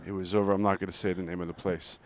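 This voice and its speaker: A man's voice: low-pitched, little pitch movement, racing. A man cohosting a podcast while walking outdoors, quizzing his friend playfully and rambling through anecdotes. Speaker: podcast co-host. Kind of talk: casual walking chat. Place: outdoors on a city street.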